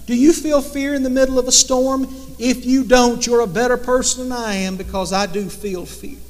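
This preacher's sermon, in a high male voice with fairly even intonation, swings from loud emphasis to soft, lingering delivery, each phrase followed by a lengthy reverb tail.

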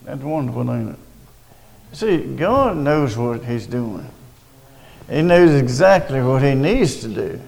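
Older guy, slow and gravelly, rambling testimony w/ lots of restarts. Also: mid-range voice, sing-song, darkish tone, long reverb tail, rough recording. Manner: rambling, halting, with restarts and asides. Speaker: storyteller recounting a personal witness. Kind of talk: casual spoken testimony.

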